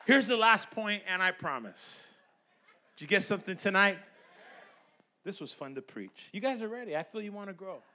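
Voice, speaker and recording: A middle-aged male pastor preaching with energy, calling for amens and rising to shouts. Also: high voice, animated, moderate pace, some chatter behind, slight background noise. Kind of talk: sermon.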